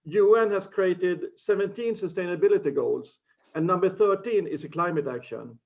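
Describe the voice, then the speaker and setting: A man from Sweden giving an earnest business pitch, with slightly broken phrasing and restarts. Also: moderate pace, creaky. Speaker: startup founder pitching. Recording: muffled lo-fi video call audio.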